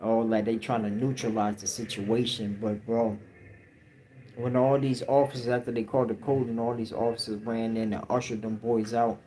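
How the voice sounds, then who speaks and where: A man's voice: medium pitch, level tone, normal speed, warm tone, slight background noise, poor audio. A man telling a story on a livestream in a casual, slang-heavy way. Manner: slang-heavy, acts out quotes. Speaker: livestream host.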